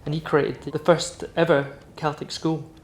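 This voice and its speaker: A man's voice: on the high side, flat delivery, unhurried, echoey room. A Scottish man from Edinburgh, a tattoo artist talking in a documentary interview, rambling and full of "you know". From Edinburgh, Scotland.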